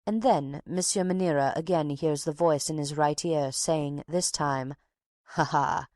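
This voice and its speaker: A woman's voice: sits low, unhurried, a little mellow, no room sound, clean studio sound. A woman reading an audiobook, voicing a talkative older woman box-keeper who tells her tale with drama and takes offence easily. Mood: gossiping. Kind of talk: audiobook character voice.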